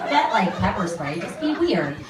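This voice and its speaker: A woman's voice: medium pitch, very animated, moderate pace, very noisy. A young woman doing a stand-up comedy set on stage, chatty and full of "like", acting out other people's voices as she goes. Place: comedy club stage with a live audience. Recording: echoey room, mic heard from a distance, crowd laughing.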